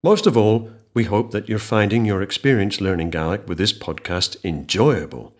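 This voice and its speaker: A male teacher with a low voice presents a scripted podcast language lesson. His intonation rises and falls animatedly. He speaks clearly and slows right down when he models each phrase for the listener. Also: animated.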